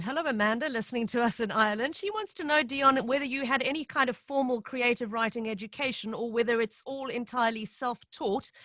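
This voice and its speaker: A woman hosting a live radio interview, reading out listener questions clearly and briskly. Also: fairly high pitch, pushed and bright, dry recording. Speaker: radio host.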